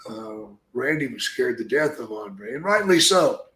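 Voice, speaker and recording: A man, a retired pro wrestler, telling gruff, profanity-laced stories in casual podcast chat. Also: mid-range voice, animated, measured pace, pushed and bright, echoey room. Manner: gruff, profane, rambling anecdotes.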